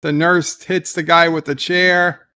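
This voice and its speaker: On the high side and bright, this man's voice is forceful yet flat in delivery, at a measured pace with a clean sound. In casual live commentary on an episode, he retells scenes loosely, peppered with "uh" and "like," responding to viewer chat in passing.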